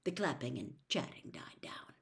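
A woman reading a novel aloud as a storyteller, narrating in a steady, expressive way. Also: sits low, normal speed, gravelly, whispered.

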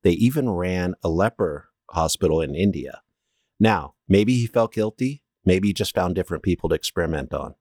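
A man's voice: sits low, moderate pace, dry recording, clean studio sound. A man co-hosting a podcast, casually reading out a story from his notes and stumbling now and then. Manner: steady storyteller, stumbles and restarts while reading. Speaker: podcast co-host presenting the story.

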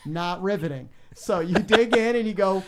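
Animated radio DJ man, fairly high. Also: moderate pace. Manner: animated, acts out callers with big pitch jumps. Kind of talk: casual interview, storytelling.

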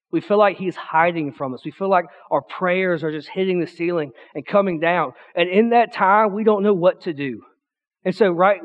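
A young man giving a youth pastor's sermon in a church, a loud, excitable talker who rambles with restarts and acts out the voices in his stories. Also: sits high, muffled recording. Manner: chatty storytelling with restarts, acting out quotes. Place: church sanctuary.

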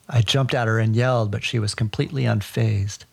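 A man narrating a personal childhood story for a podcast in a wry, deadpan way. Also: on the low side, fairly quick, gravelly, slight background noise.

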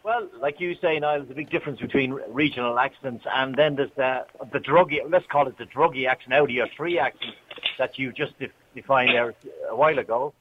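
Opinionated Irish caller on a phone line. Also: male voice, medium pitch, a little fast, a little hiss or hum. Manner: opinionated, chatty. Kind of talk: casual radio call-in chat. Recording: dull phone-line sound.

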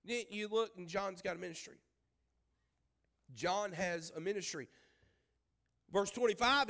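A man's voice: high-pitched, measured pace, pauses often, a bit bright. A man preaching a sermon as pastor. He speaks emphatically, repeats his phrases and asks the congregation questions.

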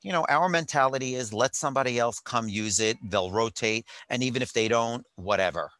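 A man's voice: medium pitch, a little fast, a bit bright, no room sound. A man telling a rambling story in casual chat, with wry jokes, from a hotel while on vacation. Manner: chatty, rambling, wry asides.

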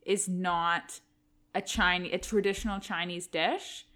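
A woman's voice: fairly low pitch, steady tone, takes it slowly, fairly bright tone. Chatty Canadian woman co-host. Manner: chatty, frequent "like" fillers. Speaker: podcast co-host. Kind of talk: casual chat.

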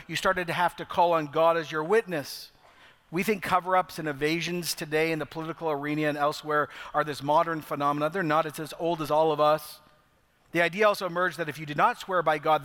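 A middle-aged man preaching a sermon as pastor, earnest, slowing down to stress key phrases. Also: on the high side, fairly bright tone. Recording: long reverb of a large hall.

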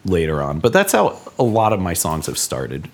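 A man, a songwriter, in a relaxed, rambling podcast chat, laughing often. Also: low voice, normal speed, a little hiss or hum. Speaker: songwriter guest.

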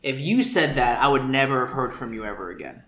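Animated man telling a story. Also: medium pitch, fast, reverberant. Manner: animated, acts out quoted people. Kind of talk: casual storytelling chat.

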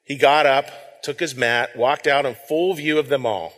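A man's voice: mid-range voice, unhurried, a bit bright, big-room sound. A man giving a sermon as pastor, speaking in a conversational way and repeating words as he reads scripture aloud. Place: church sanctuary.

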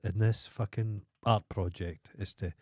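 A Scottish man on a podcast, talking in a lowish voice with blunt, profanity-laden rants. The sound is dry and close, with no room around it. He keeps to a loose, conversational chat. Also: steady tone, a little slow, darkish tone, husky, dry recording. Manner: blunt, heavy swearing, ranting. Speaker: podcast co-host. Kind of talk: casual chat.

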